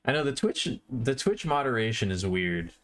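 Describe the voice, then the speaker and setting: A man's voice: mid-range voice, big pitch swings, moderate pace, fairly bright tone. A man with a middle-range voice chats loosely with his stream viewers as he works on a drawing. He rambles, trails off and corrects himself mid-sentence. He sounds like a live streamer talking off the cuff. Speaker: livestreamer. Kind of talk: casual live-stream chatter to chat.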